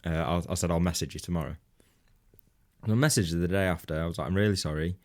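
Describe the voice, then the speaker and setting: A man's voice: low voice, quick pace. A man co-hosting a comedy podcast, telling a rambling anecdote in casual banter, laughing often and swearing freely. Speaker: podcast co-host.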